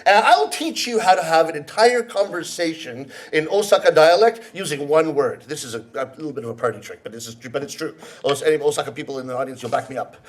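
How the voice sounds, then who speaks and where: A man's voice: fairly high pitch, lively intonation, quick pace, few pauses. A man from Canada performing comedy storytelling live on a theater stage, playful and teasing the audience. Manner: playful, teasing the audience, acting out quoted voices. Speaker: rakugo storyteller.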